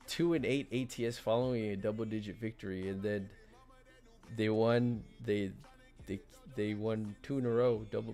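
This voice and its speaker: A man hosting a casual sports betting livestream, stammering and repeating words as he talks picks and reads the chat. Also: fairly low pitch.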